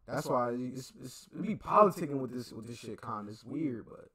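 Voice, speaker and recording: A man riffs over a video clip in loose, slangy reaction commentary, his pitch jumping all over as he talks. He rambles, trails off and catches himself mid-thought. Crowd noise from the playing clip sits clearly behind him. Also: expressive, brisk.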